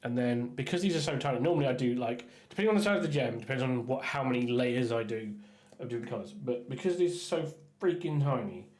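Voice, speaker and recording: A man chatting casually while painting miniatures on a stream, rambling with stumbling restarts and often trailing off quietly. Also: medium pitch, animated, fast, hardly any pauses, roomy sound. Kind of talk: casual painting livestream chat.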